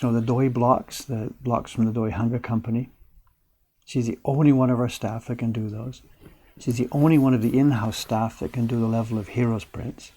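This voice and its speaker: An older man chatting casually as he works at woodblock carving in his print workshop, thinking aloud and sometimes dropping his voice low. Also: warm tone, husky. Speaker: printmaker streaming live. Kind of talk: casual chat while working.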